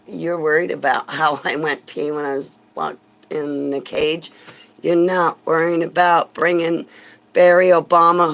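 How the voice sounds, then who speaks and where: A woman's voice: low voice, creaky, poor audio. A woman vlogger delivering a heated, sarcastic religious rant, indignant and swearing when angry.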